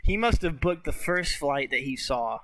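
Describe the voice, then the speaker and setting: Young man podcast co-host: fairly high, bright and sharp voice, faint hiss behind, chatty and profane. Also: normal speed, rough recording. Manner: animated storytelling with frequent filler words, swears. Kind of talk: casual movie recap chat.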